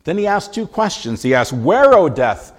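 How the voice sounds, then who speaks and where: A man preaching a sermon, leaning hard on key words and stretching them out slowly for emphasis. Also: on the high side, big pitch swings. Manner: slow, emphatic delivery, drawing out key words.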